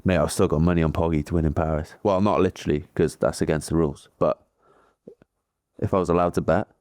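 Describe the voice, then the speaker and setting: A man's voice: low-pitched, steady tone, fast talker, a little mellow, no room sound, studio quality. A Welsh man co-hosting a cycling podcast, telling stories in a laid-back, chatty way. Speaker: podcast co-host, pro cyclist. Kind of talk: casual podcast chat.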